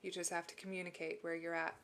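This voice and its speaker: A woman's voice: fairly low pitch, little pitch movement, fast. Woman on a livestream, teary and encouraging, talking straight to her chat. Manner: warm, encouraging, reads and answers chat messages. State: emotional, teary. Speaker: livestream host. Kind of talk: live-stream chat about mental health.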